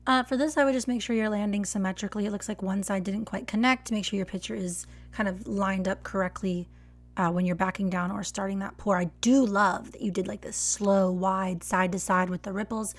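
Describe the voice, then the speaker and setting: Chatty Texan woman, gravelly. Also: medium pitch, steady tone, a little fast. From Texas. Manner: chatty, encouraging, fillers and restarts. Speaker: latte art coach. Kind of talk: live stream critique.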